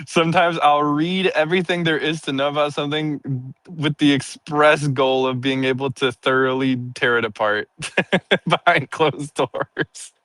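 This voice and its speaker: Giggly, sleepy man with a bright voice. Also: fairly high pitch, steady tone, measured pace, long pauses, no room sound, low-quality recording. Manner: giggly, laughs often between sentences; playfully dramatic. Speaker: streamer. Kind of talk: casual chat with viewers.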